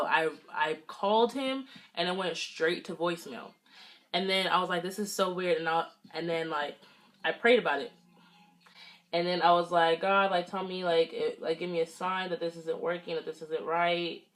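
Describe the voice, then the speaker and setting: With a fairly low pitch and fairly bright tone, this young woman from the Los Angeles area does a casual storytime as she gets ready. A beauty vlogger in young adulthood, she acts out the lines she quotes.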